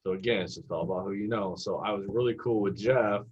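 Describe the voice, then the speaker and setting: A man with a low, husky voice tells his stories with energy and slips into the voices of the people he quotes. He is a guest on a casual podcast, and the sound is dull and lo-fi. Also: quick pace. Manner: animated storyteller who acts out the people he quotes. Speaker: assistant basketball coach, guest. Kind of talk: storytelling in a casual podcast interview.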